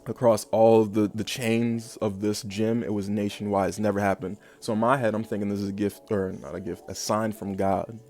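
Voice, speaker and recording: A man's voice: lowish voice, flat delivery, normal speed, few pauses, darkish tone, soft background music. Rambling young man telling a story. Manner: rambling, filler-heavy, with bursts of laughter. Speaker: vlogger. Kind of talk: casual storytelling monologue.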